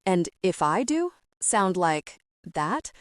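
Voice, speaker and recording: A woman's voice: fairly low pitch, sing-song, slow, dry recording. A woman voicing a young singer who lost her voice. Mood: hesitant.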